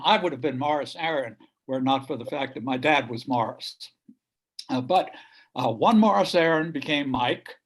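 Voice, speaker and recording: A man remembering his cousin at a memorial gathering, speaking haltingly with many pauses and fillers. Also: mid-range voice. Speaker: relative giving a eulogy. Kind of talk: memorial speech.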